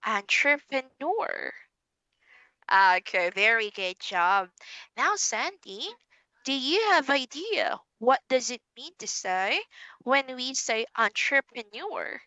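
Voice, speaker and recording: A young woman with a Filipino English accent leads an online English lesson for a child. Her voice is bright and sits a little high, rising and falling in a lively sing-song. She speaks slowly and encouragingly over a dry, close mic. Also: no echo, dull audio. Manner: slow, encouraging, speaks of herself as teacher.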